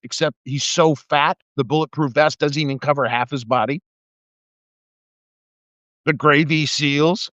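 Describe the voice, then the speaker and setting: A man's voice: fairly high pitch, fairly bright tone, no echo. Profane, heated man ranting on a live stream. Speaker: live video streamer, former military investigator. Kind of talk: angry political rant. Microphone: phone or webcam mic. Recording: dry, slightly muffled live stream audio.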